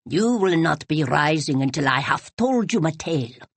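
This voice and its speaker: A woman reading as a dignified old Highland Scottish widow, deep and rich-voiced, speaking with a slow, formal lilt. The recording is close and dry, with no room around it. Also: animated, husky, no echo, heavily acted. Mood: solemn. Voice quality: rich, lowered voice. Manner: formal, lilting old-fashioned phrasing. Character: stately old Highland Scotswoman, proud and strange.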